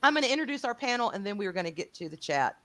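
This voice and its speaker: A woman's voice: medium pitch, big pitch swings, rapid-fire, fairly bright tone. A woman hosting a livestream panel, talking in an effusive, rambling way and laughing often. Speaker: host.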